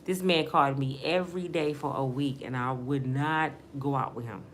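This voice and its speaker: A woman's voice: extremely low pitch, fairly even intonation, normal speed, a little hiss or hum. A middle-aged woman from Michigan, earnestly telling her life story as a personal testimony in casual, emotional talk. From Michigan, USA.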